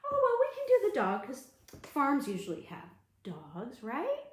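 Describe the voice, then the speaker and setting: A woman's voice: high-pitched, wildly swooping pitch, measured pace, echoey room, poor audio. A woman leading an online storytime for young children, asking coaxing questions and singing along. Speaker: children's librarian.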